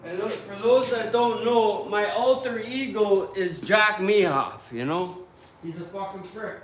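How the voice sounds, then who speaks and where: A high-voiced man who talks slowly, grumbling and joking crudely to himself in a workshop. He sounds far from the mic in a very echoey space, with clear noise behind him. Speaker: vlogger. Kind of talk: casual workshop vlog. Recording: roomy and distant, noisy background.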